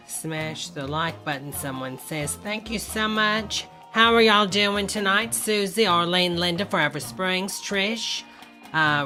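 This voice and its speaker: A woman's voice: medium pitch, bright, forceful tone. An older woman, hosting a casual live stream and chatting folksily with viewers, calling everyone honey.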